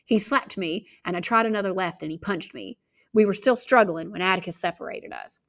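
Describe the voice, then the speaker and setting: A woman reading a novel aloud, expressive, shifting her pace and volume. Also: medium pitch, brisk. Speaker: audiobook reader.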